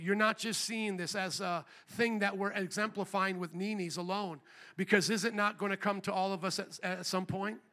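A man preaching as a pastor, animated and acting out quoted voices, building to shouts. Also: high voice. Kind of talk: sermon. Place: church sanctuary.

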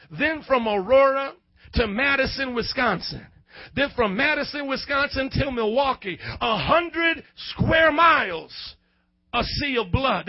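A man, a youth pastor preaching a fiery sermon to his congregation, breaking into shouted, sing-song outbursts. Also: extremely high pitch, lo-fi sound. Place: church hall before a youth congregation.

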